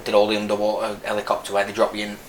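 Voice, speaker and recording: A man's voice: on the low side, monotone, rapid-fire. A man in his thirties with a Lancashire accent, an army veteran guest telling his story frankly, rambling with many restarts. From Burnley, northern England. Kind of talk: casual interview. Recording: echoey room with faint noise.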